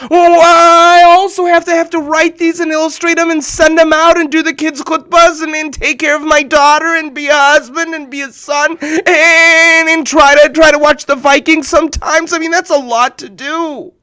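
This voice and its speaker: A young man telling children a story in an animated, excitable way, often repeating words as he gets worked up. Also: very high-pitched, normal speed, few pauses, no room sound, studio quality.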